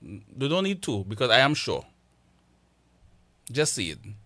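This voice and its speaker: A man's voice: mid-range voice, very animated, takes it slowly, a bit bright, dry recording. A Trinidadian man speaking as a guest on a talk show, good-humored and insistently confident. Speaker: guest councilor. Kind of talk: casual chat.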